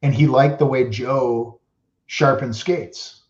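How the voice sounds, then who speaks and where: A man tells his stories in a loose, rambling way, leaning on "like" again and again. His voice sits at an ordinary middle pitch. The recording sounds roomy and slightly dull. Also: takes it slowly, a little mellow. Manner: rambling, heavy use of "like". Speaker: podcast guest, former hockey player. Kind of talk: casual storytelling. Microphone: podcast mic. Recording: roomy, dull lo-fi podcast audio.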